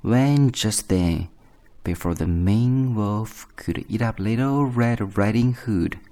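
A man reading a bedtime story aloud as an English teacher, in a calm, measured telling. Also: on the low side.

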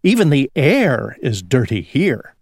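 A man's voice: medium pitch, very animated, darkish tone, breathy edge, dry recording, clean studio sound, exaggerated voice. Man reading as a small mud-loving pig. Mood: content. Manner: slow, drawn-out reading. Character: small male pig who loves mud.

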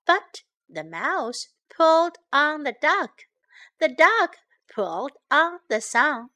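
A woman reading a children's story aloud in two languages and teaching English, slowly and clearly repeating phrases for learners. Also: high-pitched. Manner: lively storybook delivery.

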